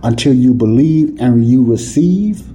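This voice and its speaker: A man's voice: medium pitch, lively intonation, unhurried, warm tone, slight background noise, poor audio. A man teaching the Bible in an emphatic, conversational preaching style, often checking that listeners follow. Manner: repeats "you see what I'm saying?" to listeners.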